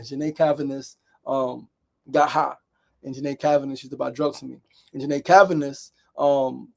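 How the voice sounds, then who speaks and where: Candid New man, gravelly voice. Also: a little high, darkish tone. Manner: candid, repetitive, storytelling with acted quotes. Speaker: daily show host. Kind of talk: reflective solo monologue.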